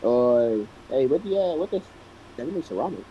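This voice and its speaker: A man's voice: mid-range voice, expressive, moderate pace, lo-fi sound, a little hiss or hum, voice pushed down, lightly acted. A man playing a tabletop game, voicing a rowdy, swearing British-accented young man with a put-on accent. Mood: brash. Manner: loud, slangy, swears a lot. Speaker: player.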